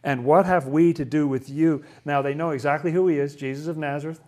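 Man, somewhat high-pitched, casual Bible study teacher. Questioning, conversational delivery with restarts. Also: fairly even intonation, fairly quick, darkish tone. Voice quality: asks lots of questions, chatty, stumbles and restarts.

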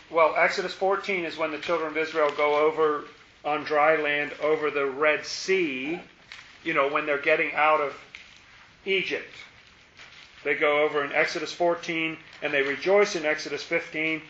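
A man with a fairly high, bright voice leads a Bible study, quizzing his listener and acting out verses with playful exasperation. He is recorded in an echoey room with slightly dull sound and faint background noise. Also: steady tone, a little slow. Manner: asks questions, dramatizes the verses with playful exasperation. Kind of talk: interactive scripture lesson.

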